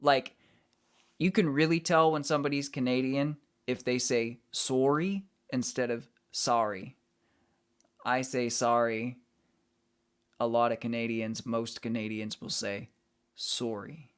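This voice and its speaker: A man's voice: medium pitch, level tone, normal speed, clear, resonant tone. A man streaming, chatting casually with his viewers and greeting them as he reads the chat. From United States.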